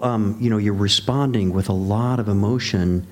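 A man with a fairly low voice hosts a casual discussion and speaks as a father. He talks in a measured way and sums up the points others have made. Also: steady tone.

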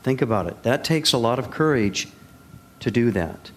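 A man's voice: medium pitch, expressive, moderate pace, a little hiss or hum. A man hosting a talk show, asking his guests questions in a wry, conversational way. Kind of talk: conversational interviewing.

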